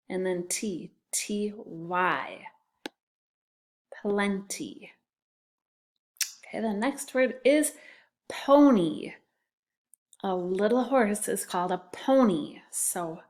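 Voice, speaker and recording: A woman's voice: mid-range voice, expressive, slow pace, darkish tone. A woman teaching a phonics lesson to young children, patiently sounding out and spelling words. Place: classroom.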